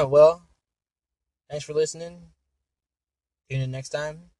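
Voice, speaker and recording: Lively jokey male podcast host. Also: on the high side, slow pace, dry recording. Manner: jokey, laughing. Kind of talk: casual chat.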